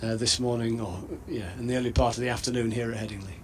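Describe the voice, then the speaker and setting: A man giving thoughtful, measured live cricket analysis as co-commentator. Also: mid-range voice, fairly even intonation, slight background noise.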